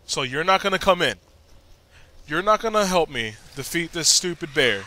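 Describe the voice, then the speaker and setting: A man giving jokey, excitable commentary while playing a video game, often talking back to the characters. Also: on the high side, moderate pace. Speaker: gameplay commentator. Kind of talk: joking gameplay commentary.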